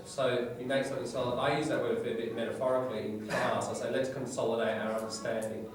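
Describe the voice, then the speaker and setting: In a very echoey classroom recorded from far off, a man with a steady, mid-range voice moves quickly through an English vocabulary lecture. He takes the words one by one, asking tag questions as he explains each.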